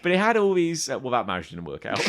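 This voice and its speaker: A man co-hosting a comedy podcast, his pitch rising and falling a lot as he talks. He rambles through his stories and acts out the people in them, all in a loose, casual chat. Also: very noisy. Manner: rambling storyteller, acts out quotes. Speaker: podcast co-host.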